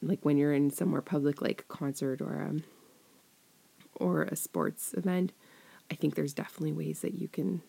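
A young woman chatting casually as an audio creator answering listener questions, often dropping into a soft whisper and giggling. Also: low voice, vocal fry, husky. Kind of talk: casual Q&A chat.

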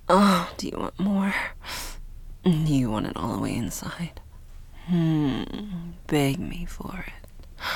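A woman in a whispered role-play, speaking in a slow, breathy, teasing and commanding way. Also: low-pitched. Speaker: audio role-play performer.

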